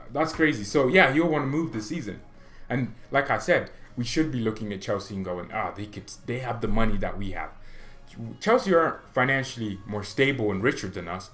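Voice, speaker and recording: A man's voice: medium pitch, fairly bright tone. Opinionated young man rambling about football. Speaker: fan channel host. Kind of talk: casual football commentary monologue.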